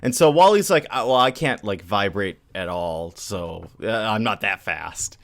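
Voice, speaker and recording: A man's voice: lowish voice, lively intonation, a little slow, creaky. A man co-hosting a podcast, recapping a comic book in casual chat, laughing often and acting out characters' lines. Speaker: podcast co-host.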